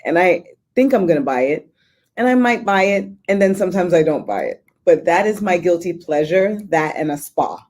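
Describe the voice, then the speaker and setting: Woman moderator, mellow dark voice, chatty, casual. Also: lowish voice, big pitch swings, moderate pace. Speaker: panel moderator. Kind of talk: moderating a panel discussion.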